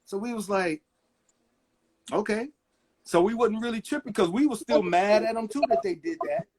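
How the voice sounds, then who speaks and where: A man's voice: high-pitched, normal speed. A middle-aged man, a record producer, telling stories in a casual interview and acting out the people he quotes. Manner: animated storyteller acting out quotes.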